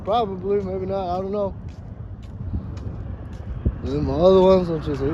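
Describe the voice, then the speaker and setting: A man's voice: sits high, measured pace, long pauses, lo-fi sound, background noise. A man talking in a casual, profane, rambling vlog monologue, emphatic and dramatic with joking asides, recorded outdoors. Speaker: vlogger.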